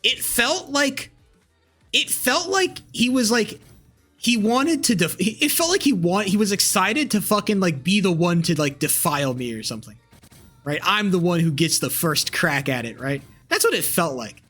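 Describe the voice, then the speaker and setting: A man's voice: high-pitched, expressive, normal speed, fairly bright tone, faint music behind. A young man streaming live, rambling casually with crude language and lots of fillers and restarts.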